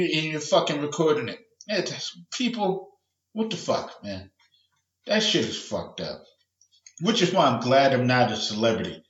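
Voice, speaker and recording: A man's voice: a little high, a bit bright, roomy sound, dull audio. A man hosting a podcast alone, ranting casually and profanely, wandering off track and acting out other people's voices. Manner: profane, rambling, acts out quoted voices. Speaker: podcast host. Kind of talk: casual solo rant.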